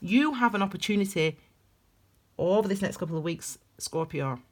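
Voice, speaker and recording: A woman giving a passionate, blunt tarot reading that swings between loud emphasis and hushed intensity. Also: fairly low pitch, lively intonation, moderate pace. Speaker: tarot reader. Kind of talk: intuitive tarot reading, spiritual pep talk.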